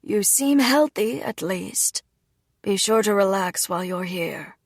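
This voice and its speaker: A woman reads the part of a strict noble father in a storybook, slow, measured and frank. His voice carries a gravelly, husky grain, close and dry. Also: medium pitch, dry recording. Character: strict but softened noble father, middle-aged.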